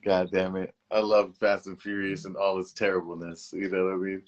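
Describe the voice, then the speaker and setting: A man's voice: deep voice, flat delivery, fairly quick, dull audio. A man co-hosting a casual movie podcast, telling loose, profane stories packed with fillers. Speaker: podcast co-host.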